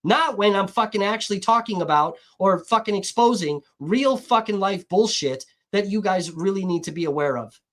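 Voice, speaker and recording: A woman in mid-pitch range, venting on a livestream in an irritated, combative rant. She swears constantly and talks straight at her viewers. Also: animated, moderate pace, hardly any pauses. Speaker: live streamer.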